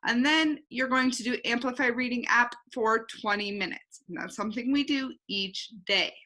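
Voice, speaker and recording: A woman teacher giving a recorded online phonics lesson, talking slowly and clearly and saying each word twice. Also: a little high, bright, forceful tone.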